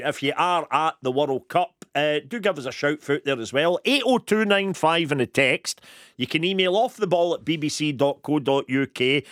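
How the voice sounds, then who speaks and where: A man's voice: a little high, a bit bright, no room sound, clean studio sound. A man with a Scottish accent hosting a casual radio phone-in, chatty and jokey, asking listeners to get in touch. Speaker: radio host.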